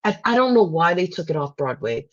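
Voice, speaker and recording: A woman co-hosting a casual podcast, her voice swinging widely in pitch as she talks with emphatic, playful flair. She slips into theatrical asides. The sound is dull and a little lo-fi. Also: very animated, a little fast. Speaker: podcast co-host. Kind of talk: casual chat.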